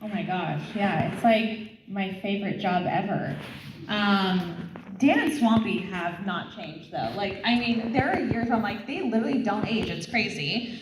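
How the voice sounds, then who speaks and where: A woman's voice: mid-range voice, measured pace. Bubbly woman chatting on a panel, echoey hall, lots of noise. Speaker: voice actress on a panel. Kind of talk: casual panel storytelling. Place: large convention hall.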